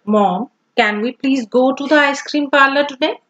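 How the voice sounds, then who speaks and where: A woman's voice: sits high, normal speed, a bit bright. A woman teacher voicing an upset little girl who sulks and complains while reading a story aloud. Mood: pleading. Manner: sulky, complaining. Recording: dull lo-fi recording.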